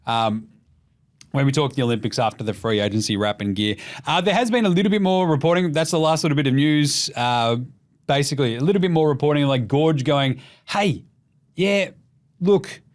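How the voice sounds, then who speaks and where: An Australian man hosting a casual basketball podcast, swearing freely and putting on quick voices for jokes. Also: mid-range voice. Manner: animated, profane, mimics voices for jokes. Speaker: podcast host.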